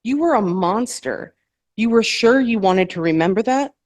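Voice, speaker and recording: A woman voicing a calm male president who questions an ally in a novel reading. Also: fairly high pitch, normal speed, pitched above the performer's own voice.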